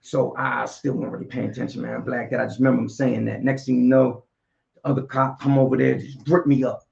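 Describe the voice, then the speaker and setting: A gravelly-voiced man from Philadelphia, mid-range in pitch and a little fast, is a guest in a casual storytelling interview. He's animated and streetwise, sprinkling in slang and "you know what I'm saying." The audio is dull and lo-fi.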